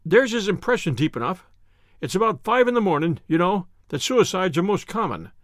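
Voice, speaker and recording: A man's voice: high-pitched, big pitch swings, brisk, fairly bright tone, no echo, studio quality, exaggerated voice. A man voicing a hearty, self-assured police inspector with a matter-of-fact manner.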